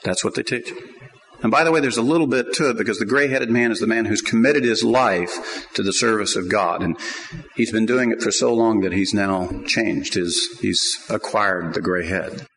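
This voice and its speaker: A middle-aged man preaching a sermon, swinging between quiet asides and loud emphatic points. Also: fairly low pitch, moderate pace, rough recording. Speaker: pastor.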